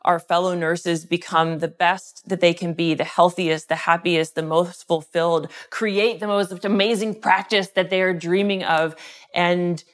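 A woman's voice: fairly low pitch, steady tone, unhurried. A middle-aged woman co-hosting a podcast in casual chat, upbeat and enthusiastic, laughing often. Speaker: podcast co-host.

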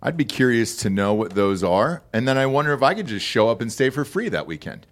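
A man hosts a podcast in loose, profane banter. His pitch jumps around as he jokes and slides into ad reads. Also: fairly quick. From Texas. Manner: joking, profane, animated. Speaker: podcast host.

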